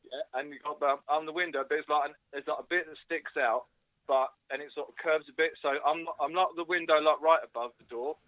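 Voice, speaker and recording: A man playing a rambling, impatient caller who gives muddled directions to his flat, as a prank over a tinny phone line. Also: a little high, normal speed, few pauses, no echo, close to an everyday voice. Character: rambling fast-talking man ordering food from a flat. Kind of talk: comic prank phone call.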